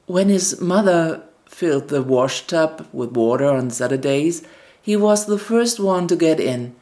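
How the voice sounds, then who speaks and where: A woman narrating a fairy tale in a gentle storybook reading, with scripted narration. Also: sits low, animated, measured pace. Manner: gentle storybook reading with quoted family dialogue.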